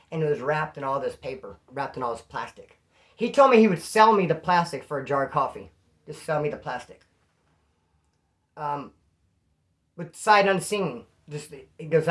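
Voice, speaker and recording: A man telling prison stories in a casual, rambling way, full of street slang, stopping often to correct himself. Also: a little high. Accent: Californian. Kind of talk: casual storytelling to camera.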